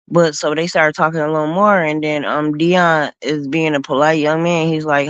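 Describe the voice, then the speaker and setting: A woman hosting a stream, slowly recounting events in a casual storytelling manner. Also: low voice, steady tone, a bit bright, clear, resonant tone, no echo, lo-fi sound. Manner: slow, recounting events with acted quotes. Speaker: host.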